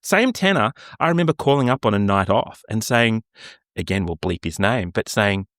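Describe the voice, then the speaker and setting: An Australian man telling backstage stories on a podcast, his pitch swinging lively and wide. He laughs often and jumps up high to quote people. The close microphone sounds dry, with no room around him. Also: normal speed, no echo. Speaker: podcast co-host. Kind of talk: casual chat.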